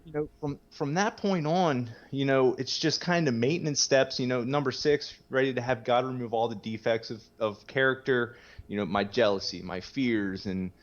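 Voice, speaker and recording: A man's voice: mid-range voice, dull audio. A man guest talking candidly in casual conversation, rambling with many fillers, swearing casually and laughing easily. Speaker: podcast guest sharing his recovery story.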